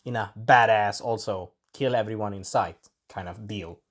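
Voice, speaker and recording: A man giving a casual spoken review of a show episode, rambling and correcting himself, with an irritated throat that he keeps clearing. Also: on the low side, moderate pace.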